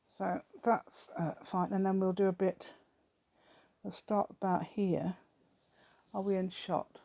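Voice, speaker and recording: A woman's voice: medium pitch, level tone, takes it slowly, creaky, warm tone. A British woman hosting a craft channel, chatting through a crafting demonstration and rambling to herself with giggly asides.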